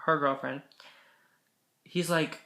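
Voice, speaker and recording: A man's voice: fairly high pitch, steady tone, takes it slowly, sharp tone, roomy sound. A young man vlogger telling a story casually, rambling and correcting himself, swearing now and then.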